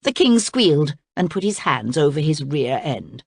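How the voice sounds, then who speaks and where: A woman reading a children's story aloud in an expressive, lively way. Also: sits low, normal speed, gravelly, slightly rough, dry recording, studio quality. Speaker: storybook reader.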